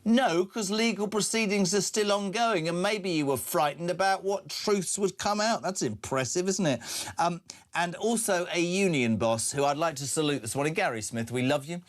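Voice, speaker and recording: A man's voice: high-pitched, moderate pace. An older man hosting a breakfast radio talk show, blunt and sardonic, with frequent fillers. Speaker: radio host.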